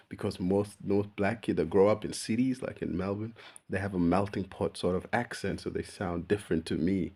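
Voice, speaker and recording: A man's voice: low voice, moderate pace. A young man chatting casually to camera in a laid-back, slangy way, often calling the listener bro and laughing at himself. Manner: relaxed slangy talk, calls the listener bro; laughs at himself while telling stories. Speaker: vlogger. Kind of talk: casual personal chat to camera.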